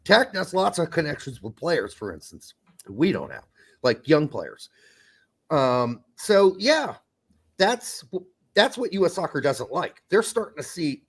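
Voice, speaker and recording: Male co-host, blunt and profane, slightly high, very animated delivery. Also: a little slow, breathy edge. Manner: blunt, profane, jumps into mock voices. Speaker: podcast co-host. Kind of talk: casual chat.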